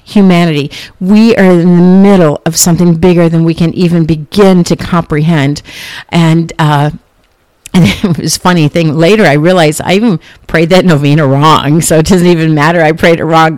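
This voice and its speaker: A woman's voice: on the low side, a little mellow, no echo. A middle-aged woman hosting a podcast, telling a personal story in an earnest, chatty way full of fillers and restarts. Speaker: podcast host.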